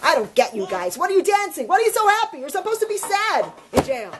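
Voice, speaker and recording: A woman voicing a gruff, baffled male jail guard who scolds, in a noisy room recording. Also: a little high, animated, brisk, pitched below the performer's own voice, lightly acted. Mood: scolding.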